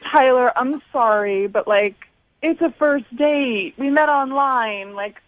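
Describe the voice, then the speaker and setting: A woman's voice: sits high, slow, dry recording. A young woman calling in to a radio show, chatty and filling her talk with "like". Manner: chatty, heavy use of "like". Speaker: caller. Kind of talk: phone call on a radio show. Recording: muffled phone line.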